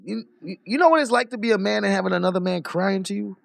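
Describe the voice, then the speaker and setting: A man telling a story in a casual rant, profane and animated, breaking into laughter as he talks. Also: high-pitched, fast, creaky, no echo. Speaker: streamer.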